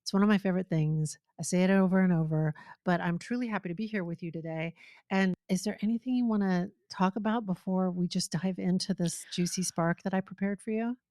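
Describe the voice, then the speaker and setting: A woman's voice: fairly low pitch, brisk, dark tone, no room sound, clean studio sound. A woman co-hosting a podcast as a creativity coach, talking in an upbeat, playful way and laughing easily. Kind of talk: casual chat.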